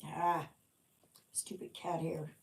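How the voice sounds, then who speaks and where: A woman's voice: low-pitched, level tone, slow pace, creaky, slight background noise. A woman hosting a live stream, chatting casually while she stitches and often mumbling half to herself. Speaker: livestream host. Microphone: livestream mic. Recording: echoey room.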